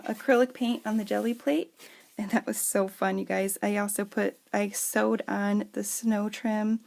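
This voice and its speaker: Speaking in a fairly high, gravelly, slightly mellow voice, a woman shows off handmade journals she makes and sells. It's a chatty, gushing home vlog where she keeps addressing "you guys."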